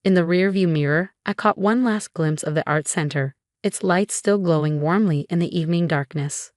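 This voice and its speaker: Woman telling a story in first person, low voice, calm, dry close sound. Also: moderate pace, no room sound. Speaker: narrator.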